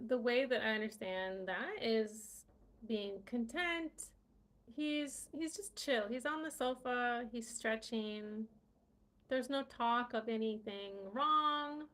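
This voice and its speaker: A woman's voice: a little high, fairly bright tone. A woman hosting a casual live-stream English lesson, chatty, full of fillers and "right?" checks. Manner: chatty, many fillers and tag questions.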